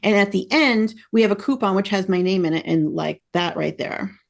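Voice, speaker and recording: A woman hosting a podcast interview, chatting in an excited, effusive and rambling way. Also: medium pitch, normal speed, gravelly. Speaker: podcast host. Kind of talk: casual interview chat.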